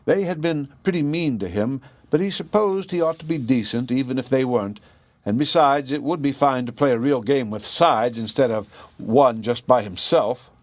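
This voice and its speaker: A man's voice: mid-range voice, moderate pace, no room sound. Guy reading an old kids story, mid voice, dry close sound. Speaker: audiobook reader. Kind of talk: storybook narration.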